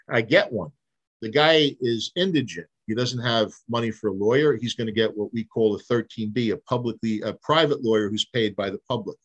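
A man, a private investigator telling vivid case stories in a casual interview, acting out the dialogue. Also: mid-range voice. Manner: animated storyteller, acts out quoted dialogue, frequent restarts.

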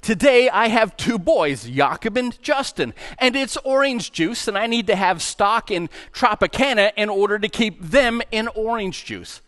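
Male pastor, middle-aged, higher-pitched, animated storyteller in a church sermon. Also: unhurried, few pauses. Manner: animated, acts out voices in the story.

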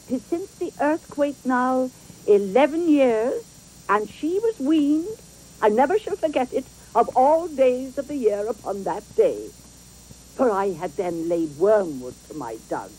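A woman's voice: medium pitch, a little mellow, slight background noise, close to an everyday voice, poor audio. A woman playing Juliet's rambling old Nurse. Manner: rambling, chuckling, swooping delivery. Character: garrulous old female nurse, rambling and fond. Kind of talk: theatrical Shakespeare performance.

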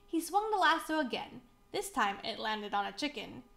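A woman reading a children's picture book aloud, slow, clear and expressive for young children. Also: on the high side. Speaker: museum storybook reader.

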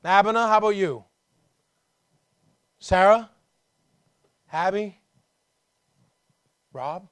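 A man preaching a conversational sermon to his church, dropping low and quiet, then rising to emphatic calls. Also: lively intonation, takes it slowly, long pauses, smooth, no echo. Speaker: pastor.

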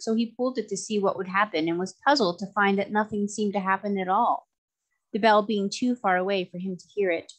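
A woman reads a children's novel aloud at a middle pitch, clear and measured with gentle expression. Her narration is steady and easy to follow. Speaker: story reader.

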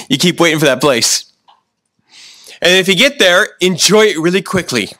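A pastor preaching a sermon, often slowing down for emphasis and restarting his sentences. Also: sits high, lively intonation, pushed and bright, no echo. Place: church.

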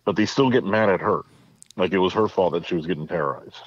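A man's voice: sits low, quick pace, breathy edge, dry recording, muffled recording. A man co-hosting a podcast, chatting casually about a movie and raising questions about the plot. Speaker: podcast co-host.

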